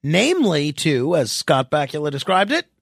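A man's voice: on the high side, big pitch swings, normal speed, gravelly, dry recording. A man hosting a talk radio show, giving opinionated commentary with sarcastic, mock-exasperated asides into a studio microphone.

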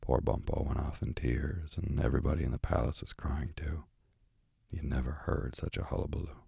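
A man calmly reading a bedtime story aloud in a slow, soothing way. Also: rumbling low, gravelly, slightly rough, no echo, studio quality.

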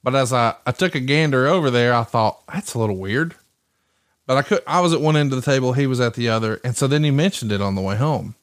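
A man hosts a casual podcast, chatty and easygoing, often breaking into laughter as he tells a story. His voice sits at a plain, middle pitch. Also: fast, hardly any pauses. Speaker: podcast host.

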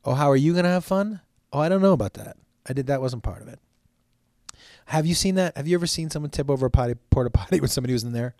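A man's voice: on the high side, lively intonation, rapid-fire, darkish tone, dry recording, clean studio sound. Rambling, profane male podcast host. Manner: rambling, profane, jokey, with stammered restarts. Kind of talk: casual solo podcast chat.

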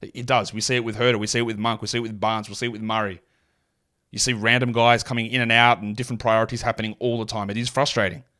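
A man from Australia with a mild Australian accent, hosting a solo fantasy basketball podcast and rattling off statistics with quick asides. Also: fairly low pitch, little pitch movement, bright, forceful tone. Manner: rapid stat-heavy delivery with asides.

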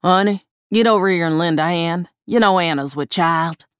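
A woman voicing a gruff, bullying male carnival owner who barks orders in a spoken horror story. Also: fairly low pitch, normal speed, no room sound, studio quality, close to an everyday voice. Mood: bossy. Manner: barking, impatient.

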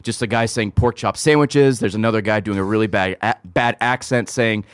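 A man guesting on a casual chat show, telling stories in an animated way and swearing casually. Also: lowish voice, brisk, clean tone, dry recording, clean studio sound.

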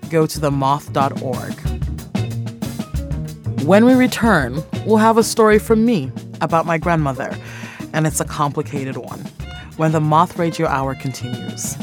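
A woman's voice: deep voice, wildly swooping pitch, a little slow. Woman hosting a radio show over music. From Sierra Leone. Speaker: radio host.

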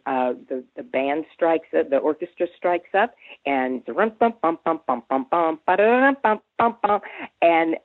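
A woman in her seventies, a guest on an interview, telling an anecdote in a lively way, humming tunes and restarting her sentences. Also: deep voice, dry recording. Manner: animated storyteller who hums tunes and restarts often. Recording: dry, tinny phone line.

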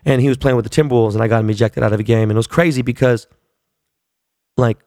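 A man's voice: medium pitch, steady tone, fast, pauses often, a little mellow, no room sound, clean studio sound. A man in his forties telling a long, profane story in a casual, rambling way, full of fillers. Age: 40s.

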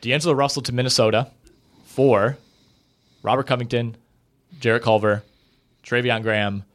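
In a relaxed podcast conversation, a male co-host works through basketball trades, leaning heavily on fillers and hedges. His medium-pitched voice keeps a steady tone at a moderate pace.

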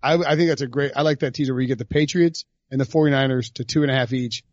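A man's voice: mid-range voice, steady tone, fast, a little mellow, no room sound, dull audio. A man hosting a casual betting podcast, chatty and thinking his picks through aloud. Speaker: podcast host.

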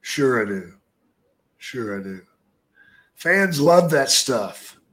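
An older man guesting on a podcast speaks slowly and in a middle register. His answers are brief and laid-back, and he gives each phrase plenty of room. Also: medium pitch, big pitch swings, a bit bright. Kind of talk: casual podcast chat.

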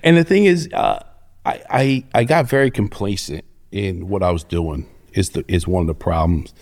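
A middle-aged man with a low voice talks at a normal speed. He's an interview guest telling stories casually, and he's profane, cocky, and animated about it.

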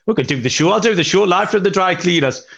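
A man's voice: high-pitched, expressive, quick pace, creaky, a bit bright. A young man with a slightly raised voice co-hosts a podcast in loose, casual chat. He tells rambling, jokey stories full of ums and asides. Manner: rambling, jokey storytelling with many fillers. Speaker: podcast co-host.

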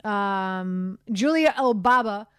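A woman hosting a sports radio show, chatting in an animated, self-deprecating way with lots of fillers, on a studio microphone. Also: medium pitch, slow, smooth, no echo. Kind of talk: casual sports talk chat.

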